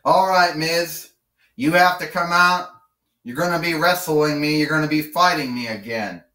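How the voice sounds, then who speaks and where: A man's voice: fairly high pitch, normal speed, bright, forceful tone, far from the mic. A man voicing a bossy female wrestling villain who taunts her opponent, recorded in a roomy space away from the mic. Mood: taunting. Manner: taunting, commanding.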